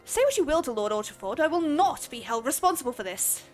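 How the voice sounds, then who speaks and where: A woman's voice: sits high, very animated, quick pace, soft background music. A woman reading out a game porter's lines, huffy and indignant, defending his shipments. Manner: huffy, reading dialogue aloud.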